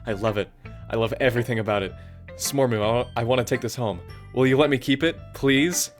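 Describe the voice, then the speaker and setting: A man's voice: medium pitch, a little fast, soft background music, close to an everyday voice. A man reading as an obsessive shy teen girl. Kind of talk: reading game dialogue aloud.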